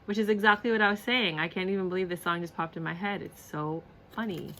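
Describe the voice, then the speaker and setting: A woman's voice: fairly low pitch, brisk, fairly bright tone, a little hiss or hum. A woman reviewing a card deck on camera in a casual, gushing way, repeating herself and laughing often. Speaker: tarot and oracle deck reviewer.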